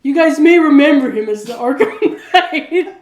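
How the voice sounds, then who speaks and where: A woman's voice: high-pitched, expressive, moderate pace, a little mellow. A woman co-hosting a podcast in casual chat, giggling often and filling with "like". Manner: giggly, heavy use of "like" fillers. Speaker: podcast co-host. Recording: roomy echoey room.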